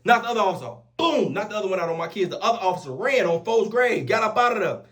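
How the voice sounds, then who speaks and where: A young man tells a story in a high voice, loose and animated, packed with profanity. He keeps swearing on his kids after nearly every sentence, in a casual storytelling style. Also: racing. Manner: animated, profane street slang, repeats oaths like "on my kids, folks". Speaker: storyteller vlogger.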